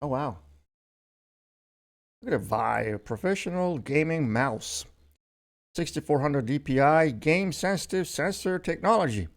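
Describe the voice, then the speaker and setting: A man's voice: a little high, animated, unhurried, pauses often. Older man chatting through an unboxing. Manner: chatty and rambling, with many fillers and self-corrections. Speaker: unboxing vlogger. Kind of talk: casual unboxing commentary.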